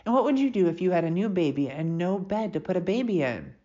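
A woman's voice: fairly low pitch, sing-song, fast, mellow, highs cut off. A woman doing a patient explaining mother. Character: patient mother reading the Christmas story.

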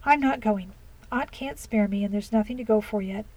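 A woman's voice: mid-range voice, moderate pace, natural voice, rough recording. A woman reading aloud, voicing an earnest young woman who speaks sincerely and firmly. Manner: sincere, quietly firm.

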